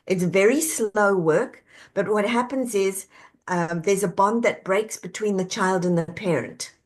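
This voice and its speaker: A woman being interviewed, calmly walking the listener through reflective questions step by step. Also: medium pitch, measured pace. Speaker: guest. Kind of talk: interview answer, coaching talk.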